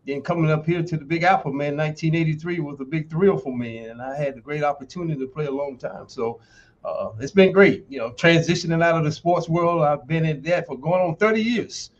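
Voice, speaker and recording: A man's voice: on the high side, a little fast, lo-fi sound. A man in his sixties from North Carolina with a Southern accent, chatting easygoingly as an interview guest. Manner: easygoing, says "man" often. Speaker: guest, former football player. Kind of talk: casual interview chat.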